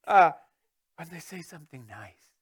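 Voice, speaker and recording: High-voiced middle-aged male pastor preaching. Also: a little slow, slightly rough. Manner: expressive, swinging from booming to hushed, chuckling asides. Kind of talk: sermon.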